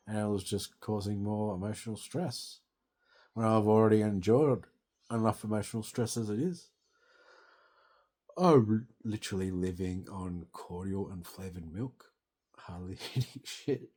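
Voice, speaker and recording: A man's voice: on the low side, darkish tone, breathy edge. A young Australian man in distress, grieving and venting in a rambling, sweary monologue into his phone.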